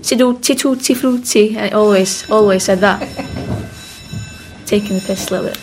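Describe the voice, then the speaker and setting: A woman's voice: mid-range voice, level tone, unhurried, a little hiss or hum. A young woman with a Welsh accent telling anecdotes in a casual group discussion, laughing often and using many fillers. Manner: giggly storytelling, many fillers. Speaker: interviewee.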